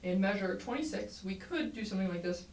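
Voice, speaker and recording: Woman, trumpet teacher, encouraging, clear explanations, echoey room, set back from the mic. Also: mid-range voice, expressive, a little fast, darkish tone. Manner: clear, encouraging, explanatory, sings rhythms aloud. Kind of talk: music lesson tutorial. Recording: roomy echo, mic at a distance, faint background noise.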